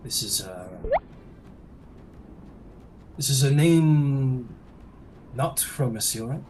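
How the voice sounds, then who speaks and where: A man's voice: mid-range voice, animated, slow pace, a little mellow, slight background noise, voice pushed up. A man voicing a proud, courteous paladin commander with a dry, lightly teasing manner.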